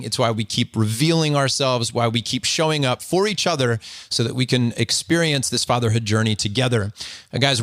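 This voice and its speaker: A man's voice: mid-range voice, a bit bright, dry recording. Earnest male podcast host, dry sound. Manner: earnest, encouraging, addresses listeners as guys. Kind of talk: interview podcast.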